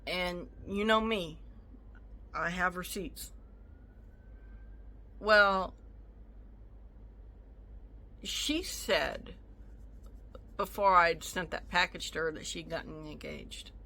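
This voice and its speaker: A woman's voice: on the low side, slow pace, pushed and bright. A woman telling a storytime rant to her viewers, indignant and sassy, acting out both sides of an argument. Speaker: vlogger.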